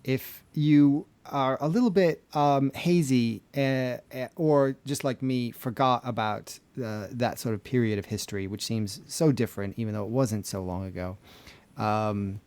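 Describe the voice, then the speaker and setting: Relaxed male co-host, filler-heavy delivery, dry studio sound. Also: mid-range voice, unhurried, dry recording. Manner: easygoing, hesitant with many fillers. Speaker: podcast co-host. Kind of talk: casual chat.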